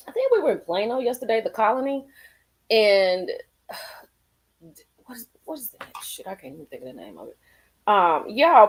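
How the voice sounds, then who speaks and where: A woman hosting a casual live stream, chatting with viewers, greeting them by name and laughing often. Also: mid-range voice. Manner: folksy, calls people girl and honey.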